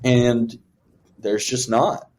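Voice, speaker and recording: A man's voice: mid-range voice, flat delivery, drawn-out words, a little mellow. A young man co-hosting a music podcast in casual chat, rambling and acting out his own reactions. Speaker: podcast co-host.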